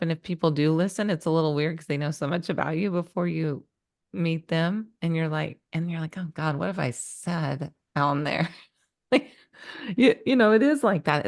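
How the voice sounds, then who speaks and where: Woman, podcast co-host, low voice, dry close sound, chatty, enthusiastic. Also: no echo. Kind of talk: casual conversational interview. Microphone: video call.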